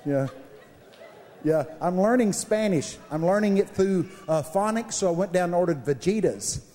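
A man preaching a humorous sermon, animated and joking, swinging between high shouts and low asides. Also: moderate pace. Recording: reverberant hall recording.

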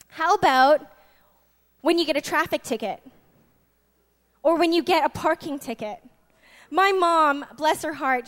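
A woman in her twenties preaching a sermon, chatty and lively, moving from soft asides to loud, laughing bursts. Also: high voice. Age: 20s. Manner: chatty, with many restarts and fillers.

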